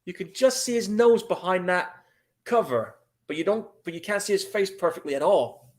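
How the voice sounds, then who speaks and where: A man co-hosting a podcast, giving relaxed, casual movie commentary and swearing now and then. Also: sits high, normal speed. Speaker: podcast co-host.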